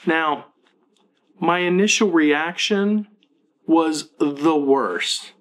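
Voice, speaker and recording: A man's voice: on the high side, drawn-out words. A man in his thirties, a parenting blogger, talking earnestly and self-critically to camera in a confessional vlog.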